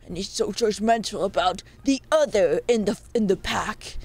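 A woman's voice: medium pitch, expressive, normal speed, few pauses. A young woman streaming live, chatting playfully and rambling as she reads her chat aloud.

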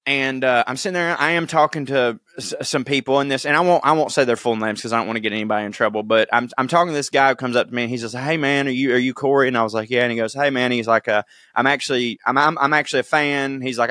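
A man, co-hosting a podcast and telling stories in a profane, animated way, acting out the people he quotes. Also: medium pitch, dry recording, clean studio sound. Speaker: podcast co-host. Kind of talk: casual chat, comic storytelling.

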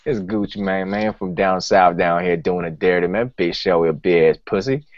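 A man's voice: sits low, normal speed, dry recording, close to an everyday voice. A man putting on a brash, boastful Southern rapper who ends almost every line with "man." He keeps it slangy and drawling. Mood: trash-talking. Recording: dull lo-fi podcast audio.

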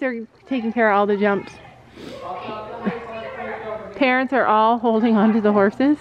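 Chatty mom vlogger, higher voice. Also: female voice, fairly even intonation, unhurried, pauses often, crowd noise. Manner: chatty, thinks aloud, bossy bursts when laying down rules. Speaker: family vlogger. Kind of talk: casual vlog chat. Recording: dull lo-fi camera audio with faint noise.

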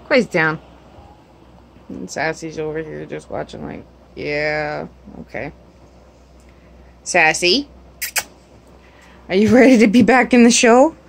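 A woman's voice: medium pitch, steady tone, measured pace, pauses often, a little hiss or hum. A woman at home talking to her pets in a teasing, sing-song baby-talk voice. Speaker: pet owner filming her animals. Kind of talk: casual pet talk.

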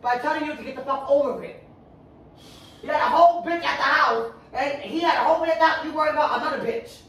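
A high-pitched woman scolds her partner in a heated, profane rush, cutting him off again and again. She sounds well away from the mic, with the living room ringing around her voice. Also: fast, a bit bright. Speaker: vlogger girlfriend. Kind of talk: casual couple prank video. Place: home living room, on a couch. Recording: roomy echo, distant mic.

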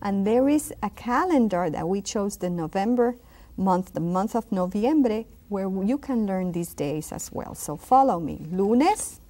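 A middle-aged woman teaching a language lesson, repeating each word slowly and clearly for students. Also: medium pitch, expressive, mellow. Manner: slow, drawn-out repetition of words for students. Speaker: Spanish teacher.

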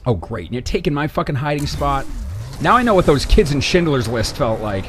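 A young man giving casual, sarcastic commentary over his own shooter gameplay, swearing and breaking into excited outbursts. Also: fairly high pitch, fairly quick, noisy background.

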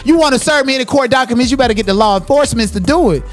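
High-voiced man ranting with profanity. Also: racing, soft background music. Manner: confrontational, cursing, trash-talking. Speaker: livestream commentator. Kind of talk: profane livestream rant.

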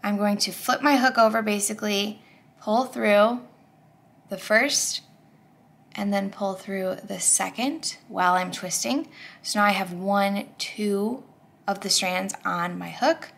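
A woman walks through a crochet project step by step, chatty and upbeat, thinking aloud as she works. Her voice sits at a middling pitch with a noticeable gravelly fry. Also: slow pace, fairly bright tone. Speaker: crochet tutorial host. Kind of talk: step-by-step craft tutorial.

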